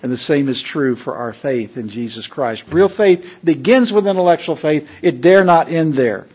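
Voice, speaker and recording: A man's voice: on the high side, expressive, normal speed, a little mellow, slightly rough. A man preaching a sermon to a worship assembly, emphatic and fond of rhetorical questions to the congregation.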